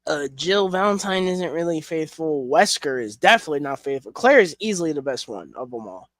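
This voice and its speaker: Young man, casual reviewer, a bit high-voiced, rambling and blunt, dry close sound. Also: animated, fairly quick, fairly bright tone, dry recording. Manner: rambling with fillers and frank swearing. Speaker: collection reviewer. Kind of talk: casual chat.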